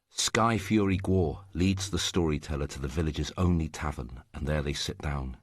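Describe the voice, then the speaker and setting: A man reading a story aloud in a steady, scripted narration. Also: extremely low pitch, moderate pace, hardly any pauses, slightly rough, no room sound, clean studio sound.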